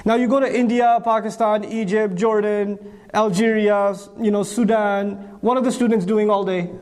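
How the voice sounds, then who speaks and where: Emphatic high-voiced man lecturing. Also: fairly even intonation, moderate pace, a little mellow. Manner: emphatic, rhetorical questions answered himself. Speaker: Islamic speaker.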